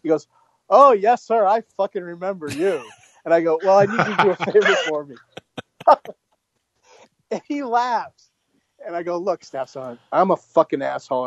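A man's voice: on the high side, a little mellow, dry recording, dull audio. A former Marine officer, a man, telling a blunt, profane story in casual conversation.

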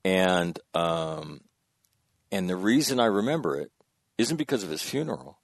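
Deep, gravelly man in his sixties. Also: animated, unhurried, no echo. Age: 60s. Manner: rambling, self-correcting storyteller who laughs at himself. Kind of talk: casual anecdote telling.

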